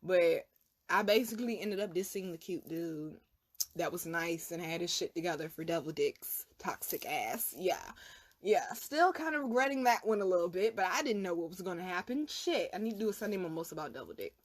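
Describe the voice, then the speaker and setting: A woman's voice: on the low side, expressive, brisk. A young woman hosting her own channel, telling a personal story in a casual, emphatic, profane way. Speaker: vlog host, spiritual reader.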